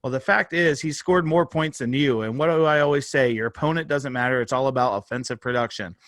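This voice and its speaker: A man's voice: mid-range voice, fairly quick, fairly bright tone, dry recording, clean studio sound. Jokey rambling man podcast co-host. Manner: rambling, jokey, swearing freely. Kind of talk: casual sports podcast chat. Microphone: phone held up, on video.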